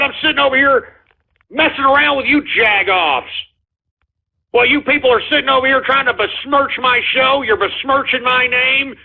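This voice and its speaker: A man's voice: very high voice, gravelly, slightly rough, phone-quality sound. A man hosting a call-in radio show, scolding his callers in an exasperated, profane rant.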